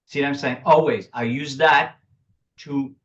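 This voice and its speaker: A man's voice: medium pitch, fairly even intonation, measured pace, fairly bright tone. A man with a French accent, speaking French as his first language, talks as a guest in an interview. He uses broken English grammar, chuckles often and restarts his sentences. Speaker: guest, public speaking coach. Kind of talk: casual interview talk. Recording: dull lo-fi recording.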